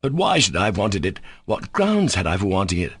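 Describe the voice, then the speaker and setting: A man voicing a furious, proud young Russian gentleman who shouts commanding accusations in an audiobook reading. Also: low-pitched, wildly swooping pitch, a little fast, slightly rough, dry recording, heavily acted.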